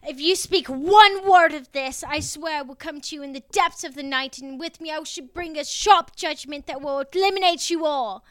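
A woman's voice: high voice, normal speed, hardly any pauses. A woman putting on a vengeful witch with an English accent, threatening and theatrical. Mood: menacing. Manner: menacing, theatrical, loud.

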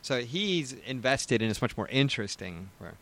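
A man's voice: medium pitch, big pitch swings, moderate pace, creaky, fairly bright tone. A man hosting a podcast, asking questions in loose, filler-heavy talk. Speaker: podcast host. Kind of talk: casual podcast interview.

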